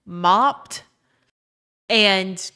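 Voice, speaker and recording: In her own emptied bedroom, a young woman streamer rants through a casual chat, swearing plenty and reading chat messages out loud. Her medium-pitched voice moves extremely slowly, bright and forceful yet smooth.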